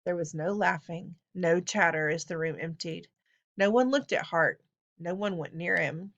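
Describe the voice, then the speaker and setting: A woman reading a children's novel aloud as scripted narration, with expressive storytelling. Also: fairly low pitch, moderate pace, gravelly, dull audio. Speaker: audiobook narrator.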